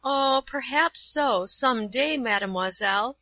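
A woman's voice: high-pitched, a little slow, pushed and bright, no room sound, dull audio, pitched above the performer's own voice. A woman playing a forlorn, humble old woman. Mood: sad, humble. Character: poor lonely old woman, timid and forlorn.

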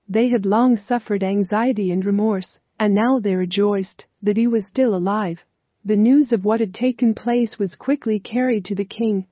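A woman narrating a Bible story in a measured, formal storytelling manner, on a dull, slightly lo-fi recording. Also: mid-range voice, mellow, dry recording.

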